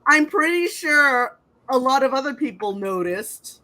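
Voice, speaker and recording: A woman's voice: high-pitched, lively intonation, unhurried, pushed and bright. A woman casually chatting while playing through a game, with wry asides. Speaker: let's play host.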